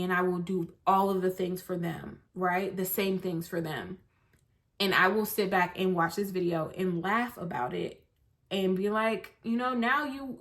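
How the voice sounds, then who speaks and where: Slow-talking tearful woman in her twenties. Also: on the low side, a bit bright. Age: 20s. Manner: candid, rambling, talks straight to viewers. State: tearful, sad. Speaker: lifestyle vlogger. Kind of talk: candid vlog to camera. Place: bedroom at night.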